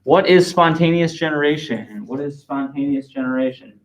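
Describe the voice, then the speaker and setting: A man teaching a classroom science lesson, lively and talking with students, dictating answers slowly and repeating them. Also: on the high side, poor audio.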